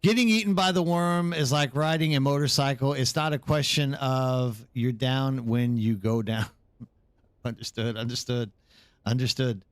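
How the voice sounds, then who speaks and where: A tired male streamer chatting casually into his streaming mic, rambling from one thought to the next. His voice sits at an ordinary middle pitch. The sound is dry and close, with no room around it. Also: steady tone, measured pace, smooth, no echo. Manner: rambling, answers chat by name. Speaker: live streamer. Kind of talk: casual live stream chat.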